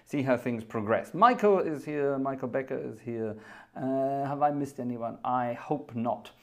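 A man hosting a live music stream as an organist greets his viewers in a playful, jokey, chatty way. His mid-range voice has a darkish tone and he speaks a little slowly.

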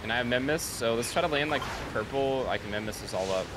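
A young man leading his squad in a shooter, calling plays and getting loud and excited when a fight breaks out. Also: medium pitch, fast, background noise. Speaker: streamer, in-game leader. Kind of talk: casual gaming callouts. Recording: loud game music behind voice chat.

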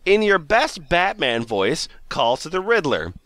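A man's voice: fairly high pitch, very animated, a little slow, a bit bright, no room sound. A man hosting a casual comedy podcast, reading a blog post aloud and giggling often as he goes. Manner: giggly, reads aloud with frequent laughs.

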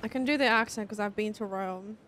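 A young woman streamer chatting casually while playing a game online, giggly and playful, quick to apologize. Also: mid-range voice, background noise. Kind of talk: casual gaming stream chat.

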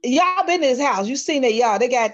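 A woman's voice: sits high, lively intonation, fairly quick, dull audio. A woman in a Sunday school class chatting casually, trailing off mid-sentence. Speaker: class member. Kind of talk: casual chat.

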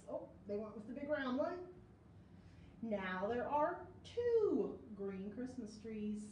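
Animated woman reading to children. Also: a little high, normal speed, distant mic, slight background noise. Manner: animated, sing-song read-aloud with sound effects. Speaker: children's librarian. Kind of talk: reading a picture book aloud to kids. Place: library story room. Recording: echoey room, voice from off-mic.

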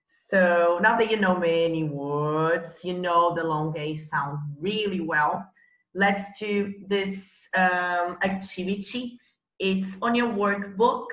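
Slow, bright-voiced woman teaching. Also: medium pitch, roomy sound, poor audio. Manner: slow, encouraging drilling of words. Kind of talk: bilingual classroom lesson.

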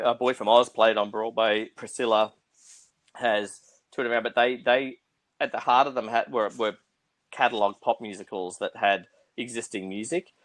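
A middle-aged Australian theatre producer talking quickly over a video call, full of restarts and repeated words. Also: male voice, medium pitch, no echo. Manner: fast-talking with frequent restarts. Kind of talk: conversational interview.

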